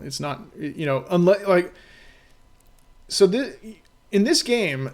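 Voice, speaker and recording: A man with a fairly high voice talks on a live stream about the game he is making. He rambles, loses his thread and restarts, and leans on "you know" and "right?" to keep the chat with him. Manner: rambling, filler-heavy, keeps checking in with "right?".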